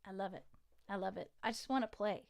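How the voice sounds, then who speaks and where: A woman singer-songwriter chatting casually on a livestream, excitable and rambling, with frequent giggles. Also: mid-range voice, fairly quick, creaky.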